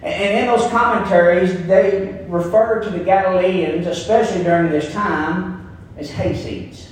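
Folksy Kentucky pastor in an echoey sanctuary. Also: male voice, high voice, steady tone, a little slow, slight background noise. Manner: folksy, storytelling, emphatic preaching. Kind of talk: sermon. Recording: echoey room, voice picked up from a distance.

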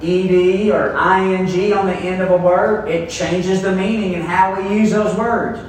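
A man preaching a sermon, teaching a Bible passage slowly and deliberately in a church hall, heard from a distance. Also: sits high, fairly even intonation, slight background noise. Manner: teaching verse by verse, slow and deliberate. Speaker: pastor. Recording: very echoey room, voice from far off.

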